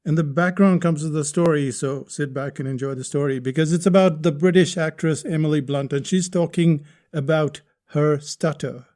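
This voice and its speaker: A man with a slightly high, mellow voice hosts a podcast lesson on writing. He explains each point step by step and keeps putting rhetorical questions to the listener. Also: normal speed, hardly any pauses. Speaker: podcast host teaching writing.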